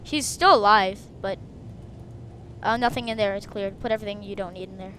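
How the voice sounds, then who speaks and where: A woman hosting a game video, chatting casually and breaking into excited shrieks. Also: mid-range voice, brisk, slight background noise. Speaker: gaming video host. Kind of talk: casual gameplay commentary.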